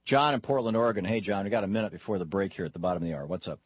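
A man's voice: low-pitched, racing, husky, dry recording, dull audio. A man from Michigan hosting a call-in talk radio show, telling stories in a rambling way with many restarts. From Michigan, USA. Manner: rambling, storytelling with frequent restarts.

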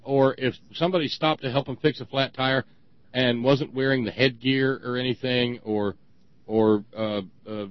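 A man's voice: medium pitch, fairly even intonation, no echo. Sarcastic ranting man, dull lo-fi audio. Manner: sarcastic, ranting, halting restarts. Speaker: podcast co-host. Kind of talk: casual opinion talk.

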